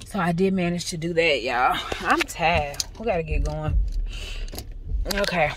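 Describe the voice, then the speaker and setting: A young woman with a slightly low voice talks casually into her phone camera, calling her viewers "y'all" as she runs through a busy day. She is pregnant and sometimes a little out of breath. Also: measured pace, noisy background. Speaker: vlogger. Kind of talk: casual vlog chat.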